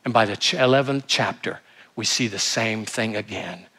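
A man's voice: fairly low pitch, normal speed, bright, forceful tone, breathy edge. A male pastor preaching a sermon, emphatic, asking rhetorical questions and reading scripture aloud.

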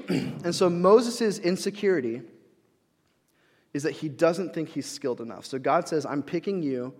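A man's voice: on the high side, animated, measured pace, long pauses. A young adult man preaching a conversational sermon, with casual fillers and restarts, acting out quoted voices. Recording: long hall reverb.

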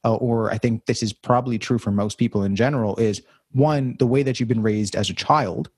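A man's voice: mid-range voice, a little fast, darkish tone, slightly rough, dry recording, clean studio sound. A young man talking through his thoughts in a casual conversation, rambling and reflective with many fillers and restarts.

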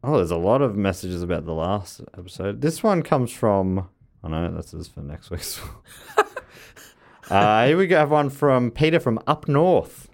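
A man's voice: fairly low pitch, big pitch swings, moderate pace, vocal fry. A man co-hosting a podcast in casual chat, reading out listener messages and laughing often between remarks. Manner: chatty, laughs often, frequent fillers and restarts.

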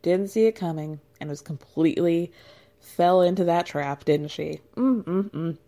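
A woman's voice: fairly low pitch, measured pace, mellow. A woman recapping a reality show in a casual, gossipy, chatty way, laughing often.

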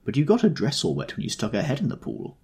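A man's voice: lowish voice, wildly swooping pitch, quick pace, creaky, darkish tone, slightly rough, pitched above the performer's own voice, heavily acted. A man voicing a woman partygoer who speaks in a tart, grudging way.

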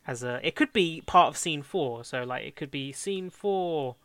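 A young man in casual chat, planning a script out loud, rambling and correcting himself as he goes. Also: a little high, animated, normal speed. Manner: rambling, self-correcting, laughs often. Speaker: fan script co-writer.

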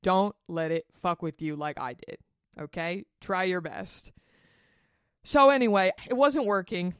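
A woman hosting a solo podcast, talking candidly and animatedly, swearing freely and jumping up high in pitch when she gets worked up. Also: a little slow, clean tone, no room sound, clean studio sound. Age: 30s. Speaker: podcast host. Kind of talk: casual solo podcast monologue.

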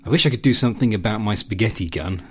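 Unimpressed young adventurer woman, voiced by a man low and plain. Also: quick pace, breathy edge. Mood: offhand.

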